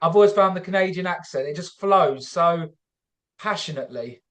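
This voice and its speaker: A man's voice: a little high, normal speed, fairly bright tone. A man hosting a podcast interview, chatting casually and talking with effusive enthusiasm. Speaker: podcast host.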